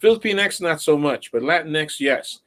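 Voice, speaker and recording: A man's voice: a little high, lively intonation, moderate pace, fairly bright tone. A man talking casually as an academic guest, hesitant, with many fillers. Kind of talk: casual conversation.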